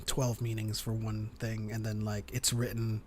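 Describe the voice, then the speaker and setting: A man's voice: lowish voice, monotone, moderate pace, darkish tone, a little hiss or hum. A man hosting a casual stream chat, explaining at length with many ums and restarts. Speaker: host.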